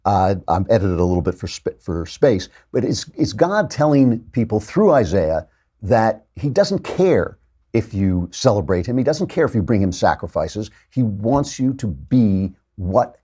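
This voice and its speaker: A man's voice: fairly low pitch, very animated, measured pace, mellow, husky. A man in his sixties hosting a podcast, talking in a wry, chatty way with frequent fillers and restarts. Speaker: podcast host. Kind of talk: casual monologue with scripture reading.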